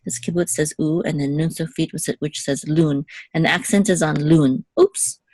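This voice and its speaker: A woman with a notably low voice, teaching Hebrew letters and vowels in a patient, step-by-step way. She checks in often with a quick "okay?" The recording is dry and close, with no room sound. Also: fairly even intonation, darkish tone, no room sound. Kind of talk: one-on-one lesson.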